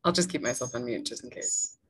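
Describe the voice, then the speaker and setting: A woman's voice: rumbling low, a little fast, a bit bright, slightly rough, dry recording, rough recording. A woman panelist chatting lightly on a video call. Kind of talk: casual chat.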